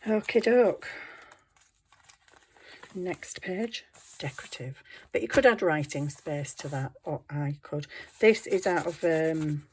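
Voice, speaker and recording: Giggly chatty woman, slightly low voice. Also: slow, pauses often, darkish tone, a little hiss or hum. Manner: chatty, giggly, self-deprecating. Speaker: craft vlogger. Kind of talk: casual show-and-tell narration.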